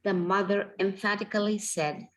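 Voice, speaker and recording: A woman in a class reading a passage aloud in a steady, careful way. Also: medium pitch, normal speed, low-quality recording.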